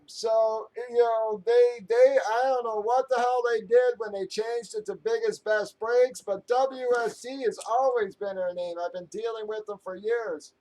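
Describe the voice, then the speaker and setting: A man with a high voice vents on his live stream, talking straight to his viewers. He is angry, swears freely, and rambles, breaking off and restarting his sentences. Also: a little mellow, poor audio. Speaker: live stream host breaking sports card boxes.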